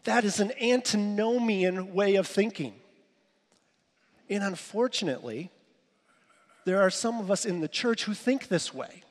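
A man's voice: sits high, lively intonation, a little slow, pauses often, long reverb tail. A man preaching as a pastor, emphatic and repeating his key phrases for weight. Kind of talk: sermon.

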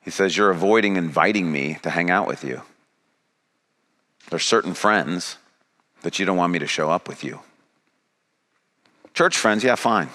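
A man's voice: low-pitched, a little slow, long pauses, sharp tone. A man preaching a sermon, paraphrasing Jesus and building to a pressing, rising delivery. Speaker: pastor.

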